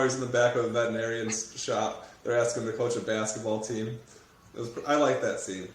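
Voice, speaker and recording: Male co-host, lively chat, mid pitch, big room echo on the mic. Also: fairly quick. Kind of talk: casual chat. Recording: very echoey room.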